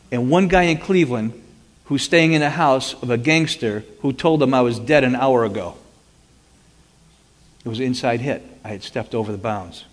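A man giving a personal testimony as dramatic first-person storytelling, animatedly acting out the dialogue. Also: medium pitch. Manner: animated, acts out quoted dialogue. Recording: long hall reverb.

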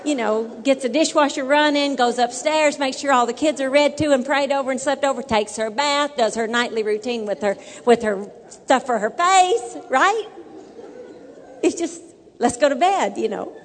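A woman's voice: high voice, moderate pace, long reverb tail, slight background noise. A woman telling a humorous marriage story in a sermon, acting out dialogue and laughing often. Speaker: married couple speaker.

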